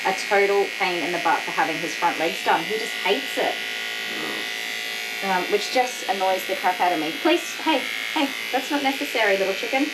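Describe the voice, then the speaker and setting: A woman dog groomer chatting casually as she works, laughing often and scolding the dog in sharp bursts. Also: fairly low pitch. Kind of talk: casual grooming vlog chat. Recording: loud electric clipper noise behind. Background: electric clippers buzzing.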